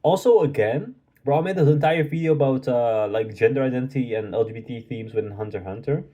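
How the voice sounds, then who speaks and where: Excitable slangy man, mellow voice. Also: mid-range voice, quick pace, dull audio. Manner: excitable, slangy, reads manga lines aloud. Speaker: manga reaction host. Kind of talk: live manga reading reaction.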